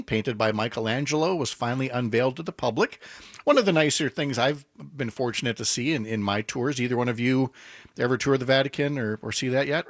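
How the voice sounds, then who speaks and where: A man's voice: medium pitch, a bit bright, no room sound, studio quality. A male morning radio host chatting casually and rambling a little. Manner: chatty, rambling, self-deprecating. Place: radio studio. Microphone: studio microphone.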